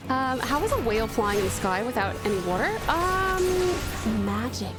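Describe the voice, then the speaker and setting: A woman's voice: on the high side, lively intonation, normal speed. A woman from Australia streaming from home, chatting casually and gushing thanks to viewers with pet names. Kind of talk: casual live-stream chat. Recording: music playing behind.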